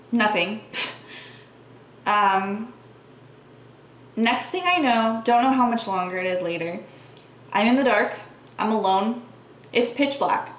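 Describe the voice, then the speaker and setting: A woman vlogger earnestly telling her personal story to the camera, speaking casually with lots of "like" fillers. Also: medium pitch. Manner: earnest, talks with frequent "like" fillers. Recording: echoey room with faint background hum.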